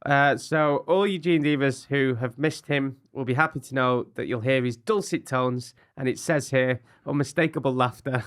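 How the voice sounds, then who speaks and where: A man's voice: medium pitch, moderate pace, few pauses, a bit bright, clear, resonant tone. A man from England co-hosting a comic podcast, talking in a jokey, playful way. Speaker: podcast co-host.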